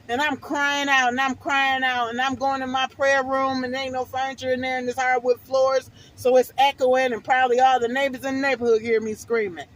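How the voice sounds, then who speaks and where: A woman's voice: high voice, little pitch movement, fairly quick, few pauses, low-quality recording. A middle-aged woman vlogger telling a personal testimony in a fervent, preachy, emphatic way.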